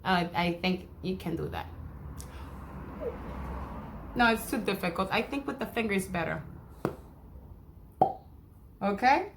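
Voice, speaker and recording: A woman's voice: fairly low pitch, animated, unhurried, long pauses, a little hiss or hum. A woman teaching a first grade class remotely, guiding a craft activity and reading a picture book aloud while imitating animal sounds. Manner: encouraging, speaks to young children, imitates animal sounds.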